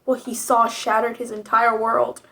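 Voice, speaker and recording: Young woman, high voice, snarky, profane, casual fanfic reading. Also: completely flat delivery, moderate pace, vocal fry, heavy background noise. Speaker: video creator reading fanfiction.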